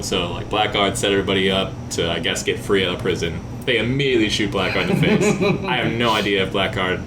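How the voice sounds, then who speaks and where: A man's voice: fairly low pitch, fast, hardly any pauses, noisy background. A man co-hosting a podcast, casually recapping a film with lots of fillers. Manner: rambling, filler-heavy recap. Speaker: podcast co-host. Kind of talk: casual chat.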